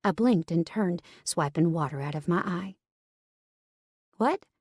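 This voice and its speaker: A woman narrating a first-person romance audiobook in a steady, wry storytelling manner. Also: on the low side, moderate pace, husky, no echo, clean studio sound.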